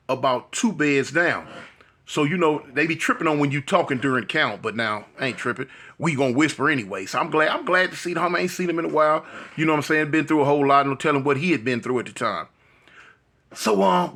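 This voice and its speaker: An older man casually telling a story from his past to an online audience, acting out the quotes in a higher voice. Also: a little fast. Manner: animated, acts out quotes in a higher voice.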